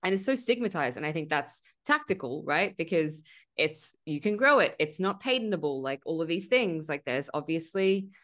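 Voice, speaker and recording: A woman's voice: deep voice, expressive, moderate pace, fairly bright tone. A woman hosting a podcast in casual conversation, candid and frank, swearing freely and acting out her past self in quoted asides. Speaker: podcast host.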